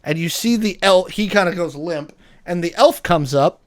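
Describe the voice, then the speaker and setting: Smooth-voiced man running a tabletop game. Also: high voice, normal speed, no echo. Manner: descriptive, with many fillers. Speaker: game master.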